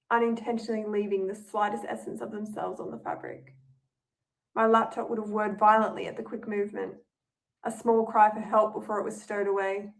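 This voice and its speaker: A woman's voice: medium pitch, far from the mic. Young woman reading, voice set back. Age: young adult. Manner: tense, anxious inner monologue. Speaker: writer reading her own work. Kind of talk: first-person story reading.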